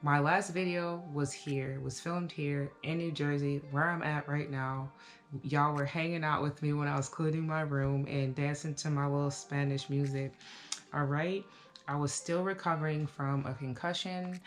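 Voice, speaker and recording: A woman in her thirties giving a casual, reflective life update to camera, talking slowly with many fillers. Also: deep voice, soft background music. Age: 30s. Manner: relaxed, reflective, with frequent fillers. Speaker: vlogger.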